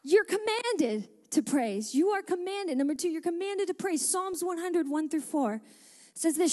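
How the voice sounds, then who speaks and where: A woman's voice: extremely high pitch, animated, normal speed, mellow, long reverb tail. A woman pastor preaching a sermon in a church and calling out for responses from the congregation. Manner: passionate preaching with call-and-response. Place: church sanctuary.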